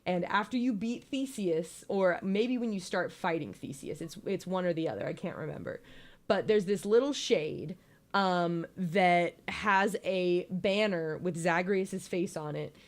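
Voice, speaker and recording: A woman's voice: lowish voice, animated, measured pace. A young woman giving a casual, joking slideshow presentation, playful and giggly with lots of ums.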